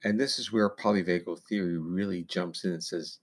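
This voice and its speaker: A man's voice: sits low, steady tone, fairly quick. A man guest on an interview, giving long explanations of research in a lecturing way with casual fillers. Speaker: neuroscientist guest.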